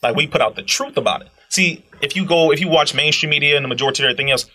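A young man talking in a casual podcast chat, preachy and animated, tagging lines with "bro" and leaping into high exclamations. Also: very fast. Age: young adult. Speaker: guest speaker.

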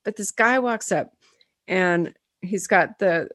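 A woman's voice: lowish voice, takes it slowly, fairly bright tone, no echo, clean studio sound. A woman co-hosting a podcast over a video call, telling stories in casual chat and talking around a dental retainer. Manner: chatty storyteller, talks through a dental retainer. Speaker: podcast co-host.

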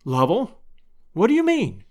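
A man's voice: wildly swooping pitch, moderate pace, a little mellow, exaggerated voice. A man voicing a tremulous, tearful elderly woman in a storybook reading. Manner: tremulous, rising high.

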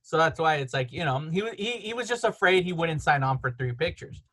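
Slightly high guy rambling about movies at home, chatty podcast host. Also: expressive, fairly bright tone. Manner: rambling, storytelling with quick laughs. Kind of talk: casual chat.

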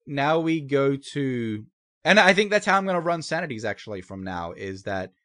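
A man's voice: mid-range voice, very animated, moderate pace, a bit bright, no room sound, clean studio sound. A man narrating a tabletop game as game master, laughing often and restarting his sentences.

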